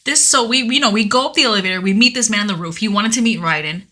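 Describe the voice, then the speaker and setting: A woman's voice: medium pitch, quick pace, sharp tone. A woman co-hosting a podcast in casual, joking chat, laughing often as she recaps a video game. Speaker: podcast co-host.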